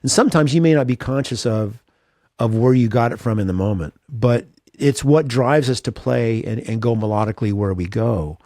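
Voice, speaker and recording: Guitarist guy being interviewed, earnest and self-deprecating, mellow tone, middle pitch. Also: animated, normal speed, no room sound, clean studio sound. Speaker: guest guitarist. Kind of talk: reflective interview talk.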